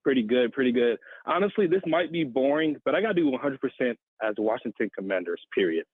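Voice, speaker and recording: A man's voice: medium pitch, expressive, quick pace, husky, dry recording. A young man in his twenties calling a sports radio show, talking with upbeat enthusiasm over a phone line. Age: 20s. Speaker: caller.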